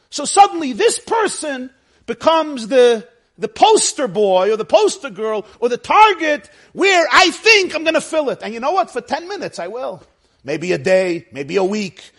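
A man teaching a spiritual lecture to an audience, animated and emphatic, asking many rhetorical questions. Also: extremely high pitch. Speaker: religious teacher.

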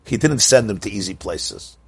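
A man giving a Torah class as a rabbi, lively and questioning, with mock-cheerful asides. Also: lowish voice, normal speed, creaky, breathy edge, no room sound.

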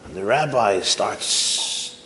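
A male preacher delivers a sermon full of anecdotes, shifting his pace as he tells them. His voice sits fairly low. The sound is roomy, with a hall echo. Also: lively intonation, slow pace, bright, forceful tone, a little hiss or hum. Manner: storytelling, varied pace. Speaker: preacher addressing educators.

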